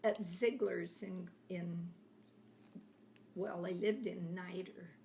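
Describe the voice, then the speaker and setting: A woman in her eighties telling family stories from her childhood in a chatty, laughing way, often trailing into soft half-whispers. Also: lowish voice, fairly even intonation, takes it slowly, creaky, slight background noise. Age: 80s. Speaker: grandmother telling her life story. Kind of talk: casual oral history reminiscing.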